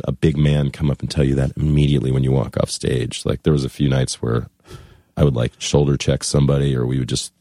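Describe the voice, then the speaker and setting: A man's voice: rumbling low, mellow, no room sound, clean studio sound. A man guest talking casually on a podcast, rambling and joking, often acting out other people's voices. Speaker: musician guest.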